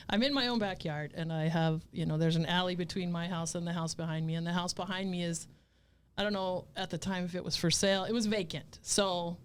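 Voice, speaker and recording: A woman's voice: fairly low pitch, steady tone, moderate pace, smooth. A woman police officer telling candid stories as a guest, talking bluntly, swearing freely and laughing as she goes. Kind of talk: candid conversational storytelling.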